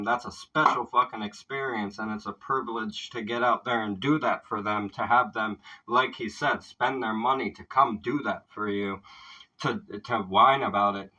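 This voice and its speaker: A man hosting a casual reaction video, agreeing loudly and swearing often. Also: on the low side, far from the mic, dull audio. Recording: voice a bit off the mic.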